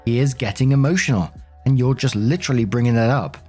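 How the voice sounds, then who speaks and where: A man reading online posts aloud and commenting on them in a calm, matter-of-fact way. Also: medium pitch, quick pace, breathy edge, faint music behind. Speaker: story reader and host.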